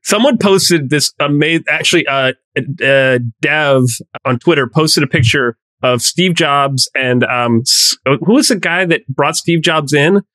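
A man's voice: fairly high pitch, a little slow, few pauses, sharp tone, dry recording. Male co-host, mid voice, loose and emphatic talker; dry studio sound. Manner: rambling, emphatic, full of "like". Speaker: podcast co-host. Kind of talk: casual chat.

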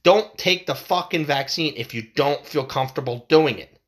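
A man's voice: fairly high pitch, moderate pace, a bit bright. A man delivering a heated monologue to his viewers, swearing often, repeating himself and stumbling over restarts. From United States. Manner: fired up, swearing, repeating phrases. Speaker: vlogger.

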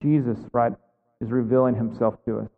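A man's voice: mid-range voice, steady tone, moderate pace. A man pastor preaching a sermon in a church, earnest and conversational, pressing the listeners with repeated questions. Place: church sanctuary. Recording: phone-like sound in a reverberant hall.

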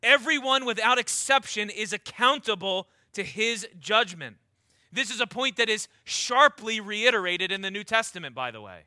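A man's voice: high voice, lively intonation, moderate pace, bright, forceful tone, dry recording. A man preaching a sermon. He reads scripture aloud and drags out the key words for emphasis.

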